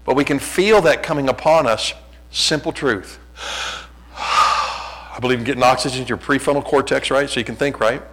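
A man's voice: mid-range voice, moderate pace, a bit bright, breathy edge, poor audio. A middle-aged man preaching a sermon as a pastor, conversational and self-deprecating, often restarting his sentences.

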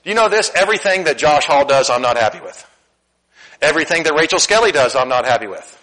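Middle-aged guy preaching at church, bright kinda highish voice, goes loud then drops real quiet. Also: fast, low-quality recording. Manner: candid and animated, swinging from loud emphasis to quiet asides. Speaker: pastor. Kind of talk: sermon. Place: church sanctuary.

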